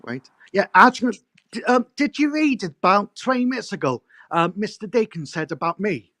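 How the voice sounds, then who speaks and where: A man joins a live stream as a guest, talking in a halting, aggrieved way full of fillers. His voice comes across dry and close. It has a lively, wide-ranging pitch. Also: no room sound. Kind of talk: casual live chat.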